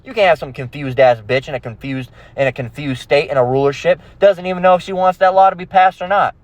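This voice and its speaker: A man's voice: on the high side, fast, dry recording. A man hosting a religious channel, ranting aggressively and profanely, constantly asking "all right?". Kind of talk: ranting monologue.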